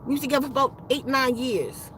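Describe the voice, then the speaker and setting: A woman's voice: high-pitched, fast, a bit bright, slight background noise, rough recording. A woman casually telling a rambling personal story, profane and full of slang and restarts. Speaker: spiritual vlogger.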